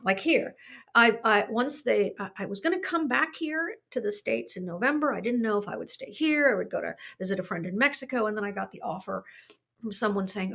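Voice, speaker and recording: A woman's voice: mid-range voice, lively intonation, normal speed, creaky, fairly bright tone. An older woman, a podcast guest and artist, telling her story in a thoughtful, emotional way, often restarting her sentences. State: tearing up. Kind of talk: reflective conversational storytelling.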